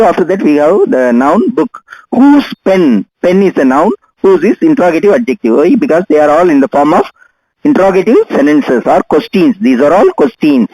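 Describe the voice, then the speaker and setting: Older man, teacher, patient, repeats examples, high voice, very lively pitch. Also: no room sound, low-quality recording. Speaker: English teacher. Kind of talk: grammar lesson.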